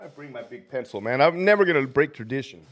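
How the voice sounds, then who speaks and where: A man's voice: medium pitch, lively intonation, fast. A man hosting a casual livestream while sick and feverish, swearing constantly and breaking into laughter between rants. He is a former prison officer who greets viewers by name, then swings into profane tirades at his critics. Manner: profane, ranting, laughing often.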